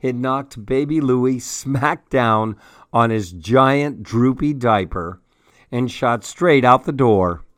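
Slow, expressive storytelling man. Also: mid-range voice, no room sound, studio quality. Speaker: radio story-hour host. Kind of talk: reading a children's story aloud.

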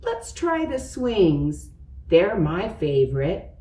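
A woman voicing a small, excitable male mouse in a storybook read-aloud, with a lively voice that sits a little lower than her narration. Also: slow pace. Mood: eager. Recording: roomy, away from the mic.

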